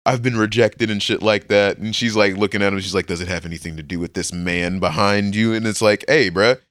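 A man co-hosting a podcast, recapping a manga in rambling, slangy casual chat and acting out the characters in quick voices. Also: fairly low pitch, a bit bright, dry recording, clean studio sound. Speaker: podcast co-host.

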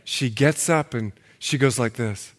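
A man preaching a sermon, animated and playful, swinging between loud and hushed. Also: mid-range voice, unhurried, noisy background. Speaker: pastor.

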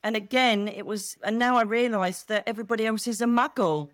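Animated middle-aged woman, dry close mic. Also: mid-range voice, brisk, hardly any pauses, dry recording. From England. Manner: animated, expressive storyteller who acts out quotes. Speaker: guest. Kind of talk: casual chat.

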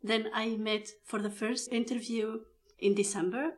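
A woman's voice: on the high side, moderate pace. A woman from Tunisia, a guest in an interview, telling her career story and acting out what people said to her. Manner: animated storyteller acting out quoted speech.

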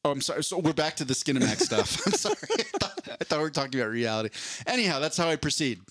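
A man's voice: on the high side, wildly swooping pitch, fast, fairly bright tone, no echo, clean studio sound. A man co-hosting a casual podcast chat, telling a rambling story and acting out the people in it. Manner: rambling storyteller, acts out cop and dispatcher voices. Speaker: podcast co-host.

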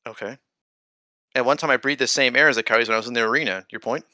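A man's voice: mid-range voice, quick pace, bright, forceful tone, no room sound. A man co-hosting a casual sports podcast, arguing emphatically, swearing and exaggerating. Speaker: podcast co-host.

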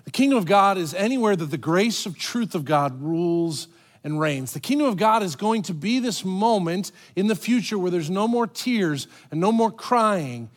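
A high-pitched male pastor delivers a sermon in a lively, conversational style, using dramatic pauses and acting out quoted voices.

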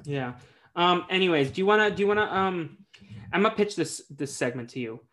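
A man's voice: high voice, animated, fairly quick, pushed and bright. A man co-hosting a podcast in casual chat, with loose, jokey talk full of fillers. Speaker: podcast co-host.

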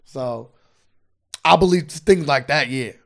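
Podcast guy with a gravelly voice, loose and profane, just chatting. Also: medium pitch, slow pace. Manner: loose, profane, reads facts aloud from a screen. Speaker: podcast co-host. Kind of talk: casual chat.

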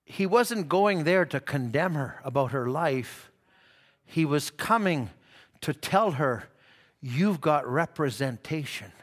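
A man's voice: on the high side, lively intonation, takes it slowly. A man preaching a sermon in church, telling stories and acting out the quoted dialogue.

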